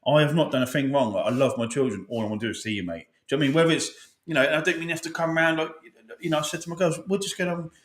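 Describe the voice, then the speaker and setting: Fast-talking man, echoey room. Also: fairly high pitch, a bit bright. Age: adult father. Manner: emotional, swears a lot, many restarts and fillers. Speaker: podcast co-host. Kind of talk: casual podcast chat.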